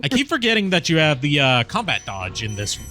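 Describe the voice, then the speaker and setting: Chatty male streamer host, bright forceful tone, faint music underneath. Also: on the high side, wildly swooping pitch, brisk. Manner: chatty, rambling, laughs often. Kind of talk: casual chat while streaming a game.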